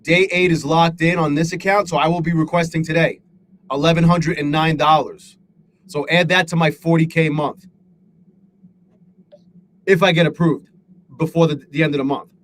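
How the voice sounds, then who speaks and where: A man's voice: on the high side, steady tone, moderate pace, long pauses, fairly bright tone, slight background noise. A man hosting a live trading stream, rambling and swearing, hard on himself, greeting chatters by name. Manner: profane, self-critical, rambling; reads out chat names. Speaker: livestream host.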